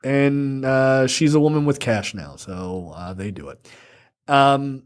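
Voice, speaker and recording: A man's voice: mid-range voice, slow pace, clear, resonant tone. A man co-hosting a casual film review podcast, recapping the plot in a rambling, profane way. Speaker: podcast co-host.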